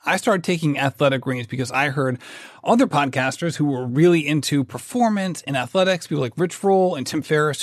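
A man hosting a podcast, chatty, often pausing to search for his words. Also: fairly high pitch, no echo, clean studio sound. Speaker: podcast host. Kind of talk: casual interview questions and ad reads.

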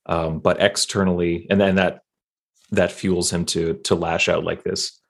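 Very deep-voiced man playing a tabletop game. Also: level tone, vocal fry. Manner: self-deprecating, halting, many fillers. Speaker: player.

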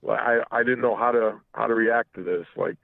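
A man calling in and telling a personal story casually, halting and profane, full of restarts. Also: medium pitch, steady tone, gravelly, no echo. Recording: tinny phone line.

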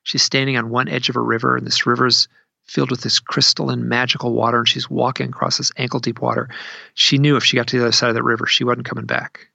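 A man telling a story in a conversational way, animated and acting out what people said, recorded at his desk. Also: medium pitch, fast, vocal fry, husky, dry recording, muffled recording. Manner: animated, acts out quoted speech in a raised voice.

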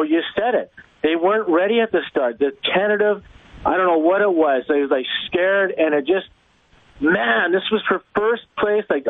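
Male caller, excitable rambling fan, dry tinny phone sound, slightly high pitch. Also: dry recording. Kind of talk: call-in sports radio.

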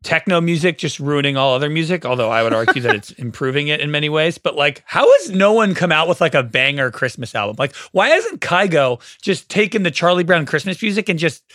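A man's voice: on the high side, lively intonation, brisk, few pauses, a bit bright, no echo, studio quality. A man co-hosting a football podcast, riffing playfully in casual chat with emphatic slang. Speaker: fantasy football podcast co-host.

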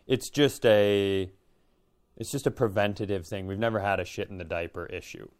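A man's voice: on the low side, moderate pace, smooth. A middle-aged man co-hosting a podcast, telling a long rambling story in casual chat and swearing freely. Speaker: podcast co-host.

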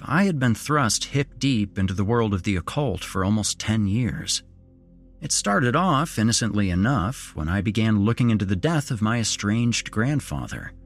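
A low, husky man narrating a horror tale in the first person, his pitch rising and falling with real animation. He moves from wry asides to tense moments, with faint music sitting underneath. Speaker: storyteller.

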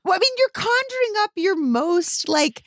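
A woman's voice: very high voice, very animated, normal speed, fairly bright tone, no echo. A woman co-hosting an interview, asking playful, teasing questions in casual chat. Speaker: podcast co-host.

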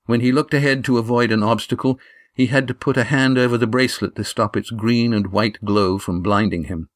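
A man reading a novel aloud as narrator, in a measured, even delivery. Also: medium pitch, no echo, studio quality. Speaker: audiobook narrator. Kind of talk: scripted narration.

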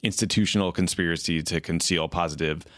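Man, podcast host, very low voice, dry close sound, measured questions. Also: fairly even intonation, fairly bright tone, dry recording. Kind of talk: interview questions.

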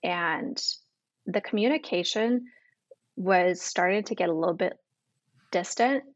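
A woman's voice: fairly low pitch, a little slow, no echo, highs cut off. Chatty young woman telling a story. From Canada. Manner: chatty, full of "like" and quoted dialogue. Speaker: guest. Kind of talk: storytelling interview.

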